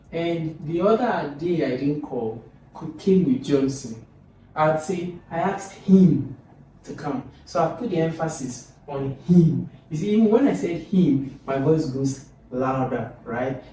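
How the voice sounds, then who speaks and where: A man teaching a recorded lesson, lively and demonstrative, often pushing his pitch up on example phrases. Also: slight background noise. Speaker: English teacher. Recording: echoey room from a distance.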